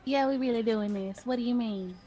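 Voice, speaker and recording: A woman's voice: on the high side, a little fast, mellow. A woman from the Midwest co-hosting a podcast in a put-on Southern accent, playful and cussing freely. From Midwestern United States. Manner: playful, cussing, exaggerated drawl. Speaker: podcast co-host. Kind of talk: casual podcast chat.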